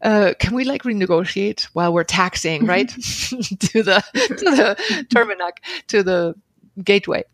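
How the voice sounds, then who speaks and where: A middle-aged woman tells a story as a podcast guest, at a middle pitch and in lively bursts, often laughing and acting out what she said to herself. She is recorded close and dry, with no room sound around her voice. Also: measured pace, no echo. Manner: expressive, laughs often, acts out her own inner dialogue. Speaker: podcast guest, author and seminar leader. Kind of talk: animated storytelling in conversation.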